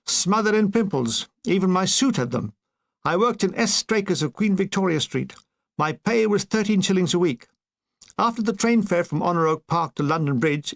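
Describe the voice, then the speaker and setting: A man reading a war memoir aloud as an audiobook, telling it in a wry, expressive way. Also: sits high, creaky. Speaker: audiobook reader.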